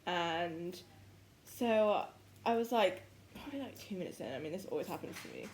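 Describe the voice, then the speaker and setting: A woman's voice: fairly low pitch, expressive, moderate pace, a little mellow. A young woman chatting in a rambling, giggly way, full of "like" and "literally", while she cooks at home and keeps yawning from tiredness. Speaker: vlogger. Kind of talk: casual chatty vlog while cooking. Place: home kitchen, indoors. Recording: echoey room with faint background noise.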